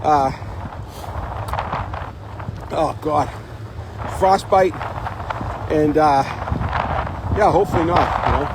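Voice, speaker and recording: A man's voice: fairly high pitch, slow, long pauses. A man live-streaming a casual ride on a bike path outdoors, rambling and chatty, a bit out of breath, with wind buffeting the phone mic. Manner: rambling, chatty, fills with "you know". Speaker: vlog host. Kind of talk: live-streamed casual chat while biking. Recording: heavy wind noise on the mic.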